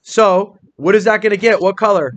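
A man teaching a small-group phonics lesson in a classroom, asking questions, encouraging answers and spelling words out slowly. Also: sits high, slight background noise.

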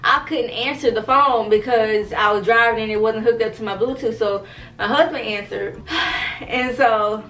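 A young woman, telling a story to her viewers in an animated, profane, casual way. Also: fairly high pitch, moderate pace, roomy sound, poor audio. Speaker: storytime vlogger.

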